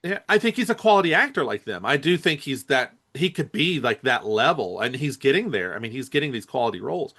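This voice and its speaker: A man's voice: mid-range voice, sing-song, a little fast, few pauses, a bit bright. Rambling male podcast co-host. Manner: rambling, hesitant, lots of fillers and restarts. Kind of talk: casual movie chat.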